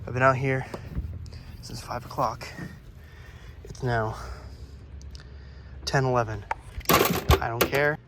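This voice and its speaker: A young man grumbles and swears through a car repair, talking to himself in an ordinary mid-range voice. It is recorded outdoors at night, with clear noise and clicks behind him. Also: mid-range voice, fairly even intonation, slow pace, pauses often. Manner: frustrated, swearing, muttering to himself. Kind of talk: profane self-filmed repair vlog.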